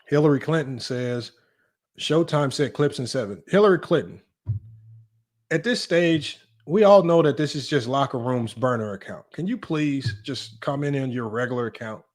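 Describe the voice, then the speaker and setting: A man hosting a casual sports livestream, teasing his chat, his voice jumping up in mock disbelief. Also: moderate pace. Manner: animated, teasing, voice jumps high in mock disbelief. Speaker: livestream sports talk host.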